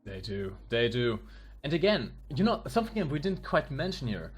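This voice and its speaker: A man commentating a live tank game match, analytical, breaking into excited exclamations. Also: mid-range voice, normal speed, husky. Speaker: esports commentator. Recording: faint music behind.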